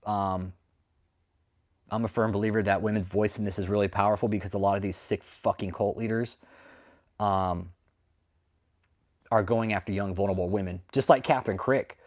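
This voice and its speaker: A man hosting a livestream, ranting angrily and swearing, with sudden loud outbursts as he answers the chat. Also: fairly low pitch, a little fast, pauses often. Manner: reads and answers live chat. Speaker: livestream host. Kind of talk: profane livestream commentary.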